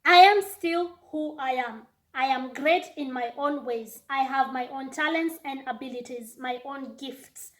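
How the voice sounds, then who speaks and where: A high-pitched young woman talks straight to her viewers in a casual vlog. She reflects earnestly, reasoning things through as she tells personal stories. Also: a little slow, hardly any pauses, fairly bright tone. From Kenya. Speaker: vlogger. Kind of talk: casual monologue.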